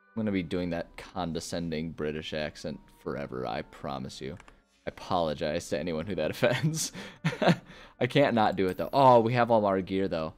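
A man's voice: low-pitched, expressive, normal speed, a little mellow. A man casually chatting and reading game text aloud while playing a video game, rambling with lots of fillers. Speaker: gaming YouTuber. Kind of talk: casual let's-play commentary.

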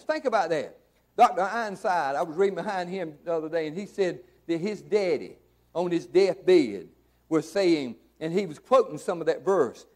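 High-voiced preacher, folksy and emphatic. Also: male voice, darkish tone. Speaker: pastor. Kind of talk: sermon. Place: church sanctuary.

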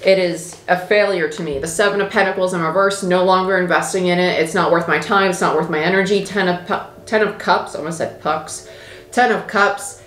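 A woman's voice: lowish voice, roomy sound, slight background noise. A woman giving a casual tarot reading, talking in an emphatic, repetitive, chatty way. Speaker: tarot reader.

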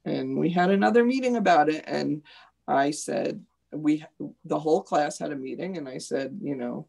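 A woman's voice: sits low, moderate pace, vocal fry, a little mellow. A woman teacher in a live online discussion, earnestly recounting classroom stories.

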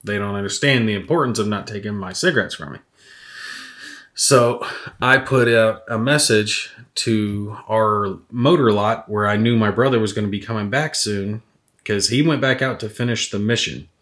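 A man's voice: lowish voice, moderate pace, a bit bright. A man chatting casually while painting miniatures, rambling through stories and swearing freely. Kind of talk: casual rambling hobby chat.

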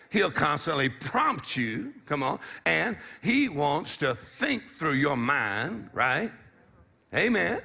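A man's voice: a little high, very animated, takes it slowly, vocal fry, bright, forceful tone, husky. A middle-aged man preaching a sermon, exhorting the congregation with call-and-response and a repeated "come on".

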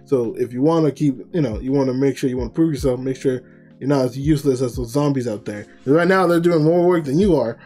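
A greedy, bullying company boss who talks down to his staff with open contempt, as a man puts him on while retelling a scene. The voice stays mellow and low-key rather than sharp. Faint music plays behind him. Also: quick pace, lightly acted. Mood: contemptuous.

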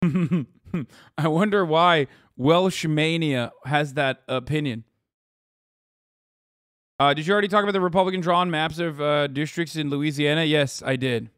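A man's voice: a little high, measured pace, fairly bright tone, dry recording. Profane, incredulous streaming man, dry sound. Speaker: streamer reacting to videos. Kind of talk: casual live-stream commentary.

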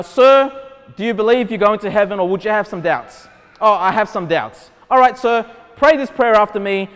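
A man with an Australian accent preaching a sermon as pastor, conversational and then emphatic. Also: very high voice. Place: church hall. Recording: long hall reverb.

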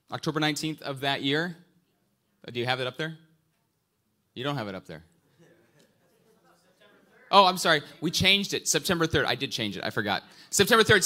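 A middle-aged man, a pastor, giving a sermon and quizzing the congregation in a lively, playful way. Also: a little high. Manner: prayerful, quiet and hushed when praying. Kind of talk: sermon with audience interaction.

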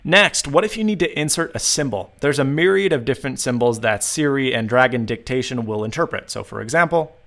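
A young man hosting a tech tutorial. He explains phone dictation in an upbeat way and spells out the commands slowly. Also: mid-range voice, a bit bright. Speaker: tech video host.

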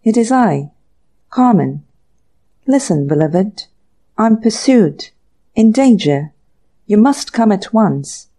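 A woman reading an audiobook puts on a young woman with a foreign accent who is fleeing danger. Her voice is soft and caressing, pitched a little above the narrator's own, with a warm, mellow tone. She pleads breathlessly and urgently, as in a storybook mystery. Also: expressive, slow, long pauses. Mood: urgent pleading.

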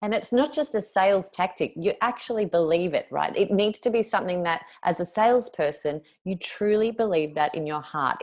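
Low-voiced woman hosting a podcast, agreeing and summing up what the guest says. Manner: warmly affirming, summarizing the guest's points. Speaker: podcast host. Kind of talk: conversational podcast interview.

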